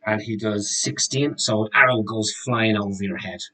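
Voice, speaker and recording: A man with a fairly low voice runs a tabletop game for friends. He narrates attacks and explains rules in a loose, chatty way, laughing now and then. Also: normal speed, sharp tone, low-quality recording. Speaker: dungeon master.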